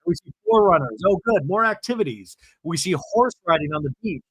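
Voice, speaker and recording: A man with a fairly high voice hosts a podcast and recaps a reality show with comic energy. He keeps acting out the cast's lines in exaggerated voices, and the sound is close and dry. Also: a little fast, breathy edge, no echo. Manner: animated, acts out quotes in exaggerated voices. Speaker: podcast host.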